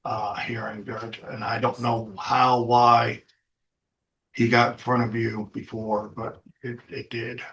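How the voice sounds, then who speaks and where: A man defending a client in court, questioning him in a halting way and repeating himself. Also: medium pitch, little pitch movement, fairly bright tone, slight background noise, poor audio. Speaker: defense attorney.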